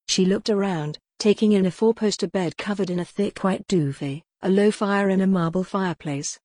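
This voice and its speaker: Woman narrating a dark gothic novel. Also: lowish voice, dry recording, clean studio sound. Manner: measured, dramatic storytelling. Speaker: audiobook narrator. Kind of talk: scripted narration.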